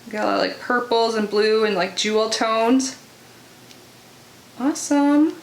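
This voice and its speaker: A woman's voice: a little high, measured pace. A young woman in casual unboxing chat, chatty and full of filler words as she reads out product blurbs. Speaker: unboxing vlogger. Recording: echoey room with faint noise.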